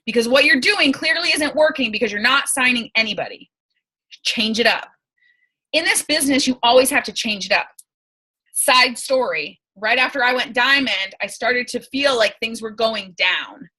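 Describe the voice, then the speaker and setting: A woman's voice: fairly high pitch, animated, moderate pace, sharp tone, slightly rough, rough recording. Chatty woman coaching on a video call. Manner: chatty, emphatic, laughs often. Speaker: team leader.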